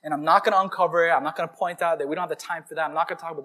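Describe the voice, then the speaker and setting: High-voiced man preaching a casual sermon. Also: very fast, hardly any pauses. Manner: conversational storytelling, animated. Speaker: pastor.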